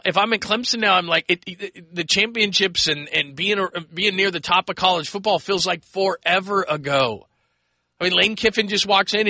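An American man hosting call-in sports radio, his voice pitched high and very bright. He talks fast in bursts, rambles and acts out quoted people, all of it recorded close and dry. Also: dry recording.

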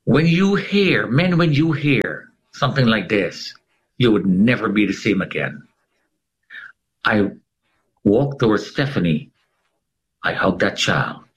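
Husky, low-voiced middle-aged man telling his story. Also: expressive, measured pace, muffled recording. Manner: dramatic storytelling with sweeping pitch swings. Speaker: interview guest. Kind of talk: emotional personal testimony.

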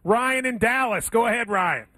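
Man, sports radio host from the South, high voice, dry studio sound, playful. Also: normal speed, sharp tone, dry recording. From American South. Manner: teasing, playful.

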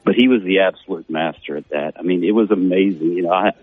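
A man's voice: low voice, fast talker, breathy edge, no room sound. A middle-aged man, a former player as a guest on a casual radio interview, rambling with many fillers. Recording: dull narrow phone-like radio audio, dry.

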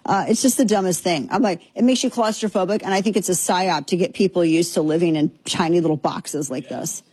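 A woman's voice: lowish voice, brisk, a little mellow, breathy edge, dry recording. A woman hosting a commentary show, talking in an opinionated, sarcastic way and slipping into mocking impressions.

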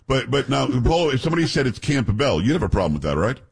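Man, radio host, quick, lively pitch, husky voice, casual banter. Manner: animated storytelling, puts on voices in anecdotes. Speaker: radio talk show host.

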